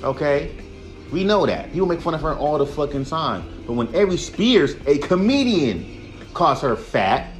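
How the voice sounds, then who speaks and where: Ranting heatedly and profanely on his solo podcast, a young man speaks in a sing-song manner at a measured pace, his pitch a little high. He occasionally mimics others mockingly in put-on voices as faint music plays softly behind.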